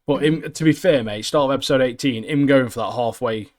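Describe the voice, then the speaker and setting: A man's voice: mid-range voice, fairly quick, darkish tone, no echo, studio quality. Man who keeps saying "mate". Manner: laddish, keeps tagging "mate" onto sentences. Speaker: podcast co-host. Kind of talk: casual chat.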